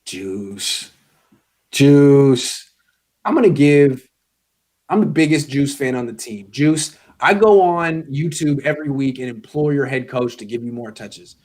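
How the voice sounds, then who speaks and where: A man's voice: medium pitch, moderate pace, hardly any pauses. Blunt sarcastic man grading football players. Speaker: guest sports commentator. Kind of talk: casual podcast chat.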